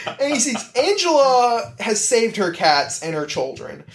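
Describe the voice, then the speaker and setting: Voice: mid-range voice, very animated, slow. Brief: a podcast host rambling through a funny story, giggly and loose, with plenty of fillers. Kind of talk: comedic storytelling chat.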